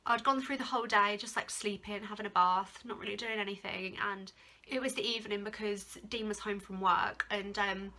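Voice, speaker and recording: A young Englishwoman talks casually to camera in a storytime vlog, recounting a personal ordeal at a moderate pace. Her mid-range voice is steady, bright and forceful, and she rambles with lots of fillers, especially "like," getting emotional at moments.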